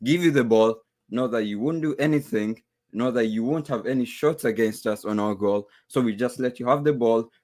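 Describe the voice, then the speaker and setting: A man on a call to a fan stream lays out his argument steadily and without heat. His voice sits in an ordinary middle pitch. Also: moderate pace, few pauses. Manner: calm, matter-of-fact, steady arguing. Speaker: caller, rival football fan. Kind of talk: casual debate on a call.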